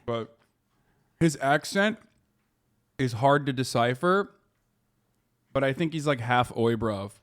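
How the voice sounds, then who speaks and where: A man's voice: medium pitch, expressive, takes it slowly, pauses often, fairly bright tone. A man hosting a stream, chatting casually and frankly, with some swearing. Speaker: stream host. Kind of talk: casual chat.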